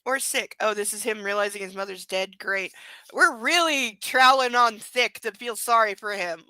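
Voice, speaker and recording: Bright-voiced woman, sarcastic book reader. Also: mid-range voice, moderate pace, no echo, poor audio. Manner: sarcastic, blunt commentary; cooing baby talk to her dog. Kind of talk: live-streamed book reading with commentary.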